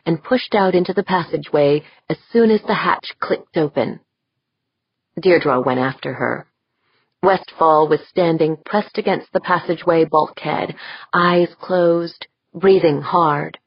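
A woman narrating a science fiction audiobook in a steady, measured way. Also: low-pitched, slightly rough, no echo, highs cut off. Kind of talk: scripted narration.

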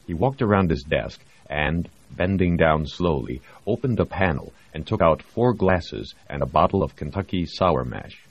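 A man reading a novel aloud as narrator, measured and expressive. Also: low-pitched, husky. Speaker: audiobook narrator. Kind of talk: scripted narration. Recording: dry, slightly muffled audio.

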